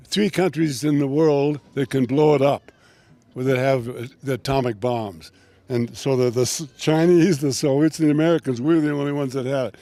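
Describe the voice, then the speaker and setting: An older man telling a long story as an interview guest, rambling and animated, restarting his sentences often. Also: medium pitch, no room sound.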